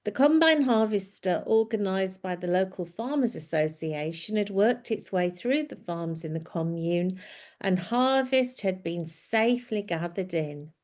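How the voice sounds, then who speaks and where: Slow-reading woman storyteller. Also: medium pitch, lively intonation. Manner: slow, gentle, descriptive reading. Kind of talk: scripted story narration.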